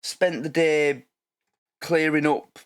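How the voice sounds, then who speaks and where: A man's voice: a little high, steady tone, slow, clean tone. A man hosting a reaction video, rambling in a casual, sweary way.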